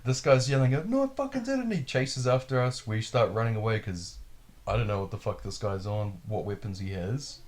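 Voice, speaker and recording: A man hosting a podcast, telling a wild story in a casual, profane, animated way. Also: on the low side, moderate pace, a little hiss or hum. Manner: profane, animated, acts out quotes. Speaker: podcast host.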